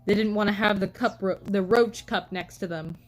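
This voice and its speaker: A woman's voice: mid-range voice, normal speed, rough recording. A young woman chatting casually on a live stream, telling rambling stories full of "like" and "um" and greeting viewers. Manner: chatty storytelling, frequent "like" and "um" fillers.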